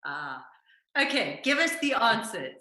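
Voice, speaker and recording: A woman's voice: medium pitch, big pitch swings, a little slow, sharp tone. A woman co-hosting an online quiz over a video call, giggly and easygoing as she reads out team names. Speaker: co-host. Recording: echoey room on a video call.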